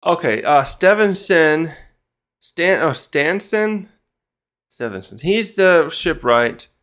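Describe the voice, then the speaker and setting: A man's voice: a little high, animated, slow pace, fairly bright tone. A man with a slightly raised voice talks through a manga chapter in a loose, rambling way. He gets sidetracked, fills gaps with filler words and swears casually at small hitches. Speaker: manga reviewer.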